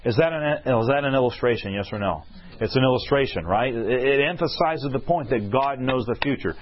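A man's voice: mid-range voice, a little fast. A man preaching a sermon, telling a story and asking his listeners questions that he answers himself. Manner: asks the crowd questions and answers them himself. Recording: husky, dull lo-fi recording.

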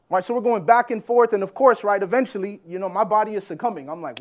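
Guy with a high voice giving a sermon to a church crowd, storytelling, gets loud then goes quiet. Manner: animated storytelling, quick swings from loud to hushed. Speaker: preacher. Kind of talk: sermon testimony.

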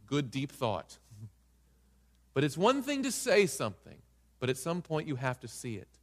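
Animated preacher in a reverberant hall. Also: male voice, a little high. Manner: dramatic, acts out voices in quotes, asks the audience questions. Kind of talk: sermon.

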